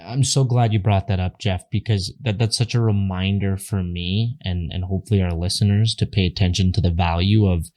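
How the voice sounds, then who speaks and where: A man hosting a podcast in casual interview chat, telling lively stories with bits of quoted speech. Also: deep voice, fairly quick, few pauses. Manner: animated storyteller who jumps into quoted voices. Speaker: podcast host.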